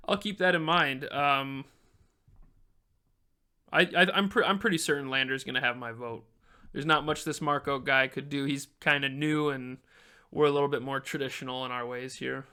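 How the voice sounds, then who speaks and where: A man's voice: mid-range voice, pushed and bright, clean tone. A man narrating as game master of a tabletop game in a loose, filler-heavy way, voicing the townsfolk himself.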